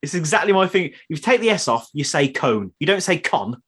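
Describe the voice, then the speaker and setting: Husky-voiced male podcast host. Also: sits high, quick pace, fairly bright tone. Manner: reads listener questions aloud, agreeable. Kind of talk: casual podcast interview.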